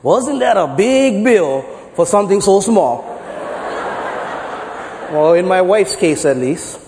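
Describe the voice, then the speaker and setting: A male pastor preaches in a playful, storytelling way, his fairly high voice rising and falling a great deal. The sound carries a long echo, as in a large hall. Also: animated, slow pace, darkish tone, slight background noise. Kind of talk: sermon with jokes.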